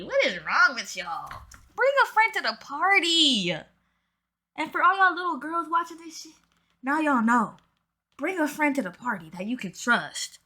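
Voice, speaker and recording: A woman's voice: high-pitched, bright, forceful tone. A woman giving casual commentary straight to her viewers. She talks in an emphatic, slangy way. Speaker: commentary YouTuber.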